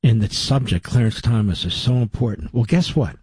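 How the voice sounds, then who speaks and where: A middle-aged talk radio host speaks into a studio mic in a medium-pitched, fairly quick voice that's a little mellow with a breathy edge. His monologue is combative and conversational, full of sarcastic asides, and the recording is dry.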